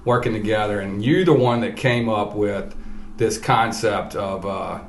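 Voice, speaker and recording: A man's voice: fairly low pitch, unhurried, slight background noise. A male podcast host asking questions in a casual interview, eager and full of restarts and fillers. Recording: roomy echo.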